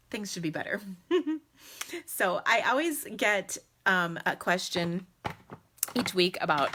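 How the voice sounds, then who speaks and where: Bright, bubbly woman streaming live. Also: medium pitch, very animated, slow. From United States. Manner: bubbly and chatty, laughing often. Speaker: crafting live-stream host. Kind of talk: casual live-stream chat. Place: at home indoors. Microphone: phone camera in selfie mode.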